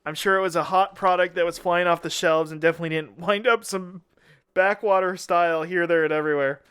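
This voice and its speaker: A man co-hosts a podcast, chatting casually, cracking jokes, and laughing often. His voice is high, fairly bright, and clean, with fairly even intonation and a fairly quick pace. The recording is dry, with clean studio sound.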